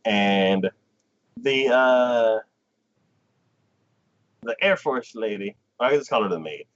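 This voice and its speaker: A man's voice: lowish voice, takes it slowly, dull audio. A man hosting a casual livestream chat, retelling an anime episode with lots of fillers and acted-out lines. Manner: animated plot retelling, acting out characters in quotes. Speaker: anime podcast host.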